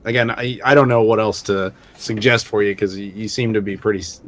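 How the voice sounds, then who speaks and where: A man's voice: fairly low pitch, brisk. A man chatting casually on a stream, telling rambling stories with many fillers. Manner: relaxed, rambling storyteller with frequent fillers. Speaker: show regular. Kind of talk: casual chat during a game stream.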